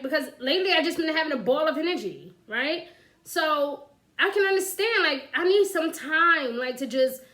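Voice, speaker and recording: A woman's voice: high voice, pushed and bright, poor audio. A woman giving casual, chatty spiritual advice as an astrology reader, often asking "right?" and "you know?" and laughing lightly. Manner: laughs lightly while talking.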